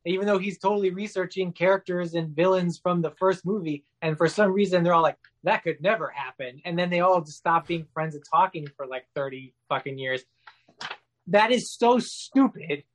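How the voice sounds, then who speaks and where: A man's voice: sits high, normal speed. A man ranting in casual podcast chat, profane and exasperated, often restarting his sentences. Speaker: podcast co-host or guest.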